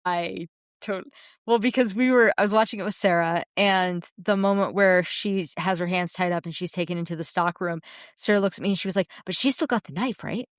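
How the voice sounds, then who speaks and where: A woman's voice: lowish voice, fairly even intonation, a little fast, smooth, no room sound, studio quality. A woman co-hosting a podcast, talking enthusiastically and earnestly about a film she loves, often restarting her sentences. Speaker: podcast co-host. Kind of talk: casual film discussion.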